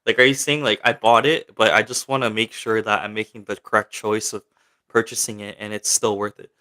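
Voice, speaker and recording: A young man hosts a relaxed livestream, reading viewer questions aloud and answering them in a loose, rambling way full of filler words. His voice sits on the lower side, with a bright, forceful edge. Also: a little fast. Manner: chatty and rambling, many fillers, reads chat questions aloud. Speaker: livestream host. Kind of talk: casual livestream chat, answering viewer comments.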